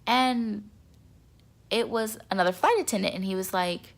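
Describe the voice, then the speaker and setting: A young woman vlogging in a casual chat to camera, excitable and repetitive, with a stuffy nose. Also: medium pitch, moderate pace, long pauses. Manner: chatty, excitable, repeats words for emphasis.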